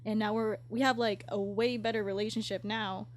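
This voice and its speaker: A woman's voice: medium pitch, level tone, brisk, a little hiss or hum. A woman in her twenties hosting a casual podcast chat, talking candidly, swearing freely and laughing often. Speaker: podcast host.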